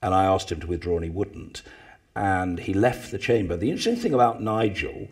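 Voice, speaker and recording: Man, 60s, husky, low voice, anecdotal, mimics others loudly. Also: fairly quick. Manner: animated storyteller, mimics others with loud bursts. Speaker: former parliamentary speaker, guest. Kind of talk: anecdotal talk to a live audience.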